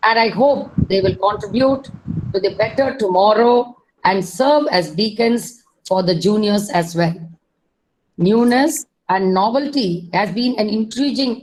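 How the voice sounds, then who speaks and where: A woman, a college secretary giving a formal opening address at a webinar, measured and fond of alliterative lists. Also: medium pitch, darkish tone, rough recording.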